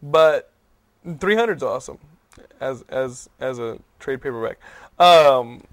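A man hosting a casual comics podcast, enthusiastic and quick to laugh. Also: medium pitch, expressive, dry recording. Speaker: podcast host. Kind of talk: casual chat.

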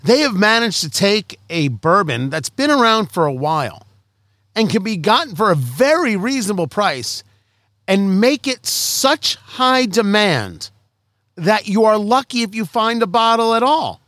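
Lively, bright-voiced joking man. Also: sits high, unhurried, dry recording, clean studio sound. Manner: animated, jokey, self-mocking. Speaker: podcast co-host. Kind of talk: casual banter.

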